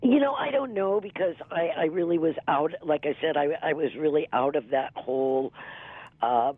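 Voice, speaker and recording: A woman's voice: low-pitched, moderate pace, breathy edge, dry recording. A middle-aged woman, a former music TV veejay, telling stories in a rambling, laughing way as a guest in a casual interview. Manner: rambling, laughs often, many "you know" fillers. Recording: tinny dry phone line.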